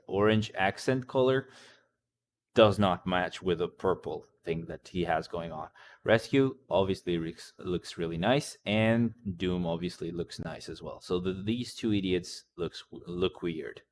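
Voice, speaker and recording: A man hosting a gaming channel, casually reacting to game patch notes, rambling offhand, reading notes aloud and answering chat, with the odd swear. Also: low-pitched. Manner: occasional swearing.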